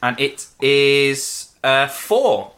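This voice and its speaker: A man's voice: medium pitch, expressive, very slow, a bit bright, a little hiss or hum. A man playing along in a story game, chatty and jokey. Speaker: player.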